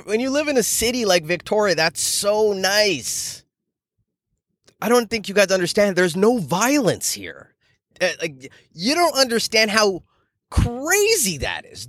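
A man's voice: on the high side, a bit bright, dry recording, studio quality. A young man hosting a solo podcast, rambling casually and profanely, with lots of filler phrases. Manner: rambling, profane, heavy fillers like "you know". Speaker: podcast host.

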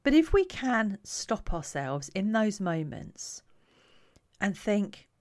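A woman who coaches parents, talking to camera in a calm, reflective, conversational way. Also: mid-range voice, slow.

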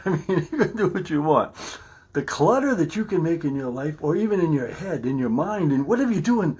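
Middle-aged male podcast host, husky and animated, rambling and chatty. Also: a little high, normal speed. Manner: chatty, laughs often, restarts sentences. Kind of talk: casual rambling monologue.

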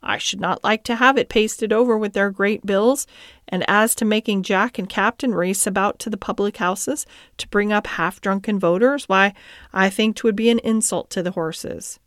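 A steady working man in a classic storybook, firm in his principles and earnest with his family, as a woman reads him. Her smooth, clear voice sits dry and close to the mic. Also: mid-range voice, no room sound, close to an everyday voice. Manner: earnest and measured. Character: steady, principled middle-aged cab driver and father.

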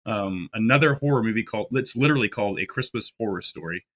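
A man's voice: fairly low pitch, expressive, quick pace, fairly bright tone. A man co-hosting a podcast, talking casually about a horror film with lots of fillers and restarts. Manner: chatty, many fillers and restarts. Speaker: podcast co-host.

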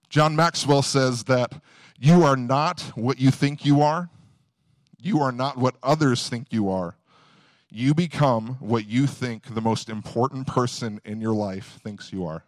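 A man's voice: mid-range voice, dry recording, studio quality. Young man preaching casually. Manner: conversational, storytelling, quick bursts of emphasis. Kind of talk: casual sermon.

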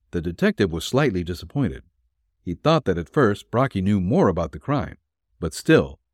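A man narrating a dime-novel detective serial as an audiobook, expressive. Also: deep voice, no echo, studio quality.

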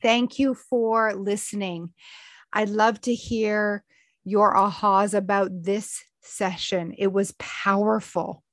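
A woman hosting a motivational talk as a coach, energetic and emphatic, with playful sound effects. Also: mid-range voice, takes it slowly. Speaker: motivational coach and podcast host.

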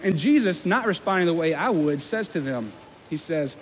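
High-voiced young pastor in a reverberant hall. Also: male voice, animated, moderate pace. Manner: conversational, self-deprecating, acts out quoted voices. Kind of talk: sermon. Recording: long hall reverb with faint room noise.

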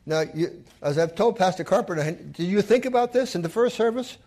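Lively, expressive male preacher. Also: high voice, brisk, few pauses. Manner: retells scripture with acted quotes, lively and emphatic. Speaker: pastor. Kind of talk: sermon.

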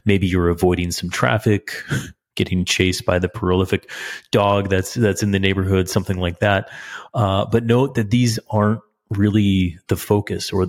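A middle-aged man, a cycling coach, answering a listener question in a relaxed, explanatory podcast chat. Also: deep voice. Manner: relaxed, explanatory, frequent restarts and small laughs.

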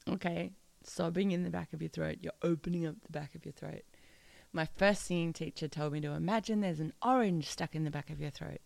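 A woman's voice: low-pitched, a little fast, gravelly, a little mellow, no room sound. A playful, encouraging woman teaching a singing lesson and demonstrating odd vocal sounds.

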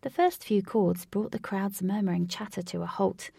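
Reading a storybook aloud, a woman speaks with a medium-pitched, fairly even intonation, unhurried and sometimes falling to a whisper. Her tone is mellow, gravelly, and slightly husky, captured in a close, dry recording.

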